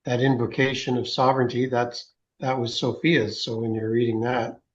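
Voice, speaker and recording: A man hosting a video call, responding gently and encouragingly to a guest. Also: medium pitch, level tone, normal speed. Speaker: host. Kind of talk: casual video call chat. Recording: dull lo-fi video call audio.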